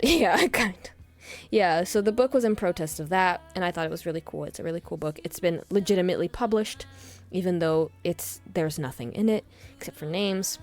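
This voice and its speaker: Young woman streamer yapping a story, lively, faint music behind. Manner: animated, chatty, acts out quotes with big pitch jumps. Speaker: livestreamer. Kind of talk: casual storytelling chat.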